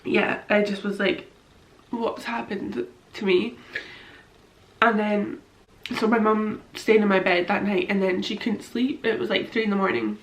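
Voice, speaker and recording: A woman's voice: mid-range voice, little pitch movement, normal speed, roomy sound, poor audio. A young woman, tearfully telling a personal story to camera in a rambling way, full of fillers. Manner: rambling, many fillers, quotes her own thoughts. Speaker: vlogger.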